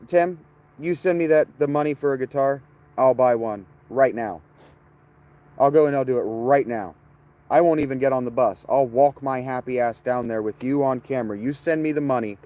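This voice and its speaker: A man's voice: mid-range voice, a little mellow. A man streaming casually outdoors, rambling and swearing as he teases viewers by name. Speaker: streamer reading chat. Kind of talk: casual livestream chat.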